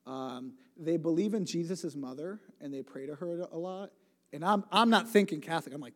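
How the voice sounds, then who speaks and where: A man's voice: on the high side, moderate pace. A man in his late twenties giving a church talk, telling stories in a rambling, conversational way, often breaking off mid-sentence and adding humor. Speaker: church speaker. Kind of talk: sermon storytelling. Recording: long hall reverb.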